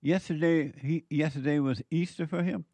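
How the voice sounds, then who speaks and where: A man's voice: fairly high pitch, fairly even intonation, normal speed, warm tone, dry recording. Playful male talk show host. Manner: playful, asks puzzled questions, thanks viewers. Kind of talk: live call-in show chat.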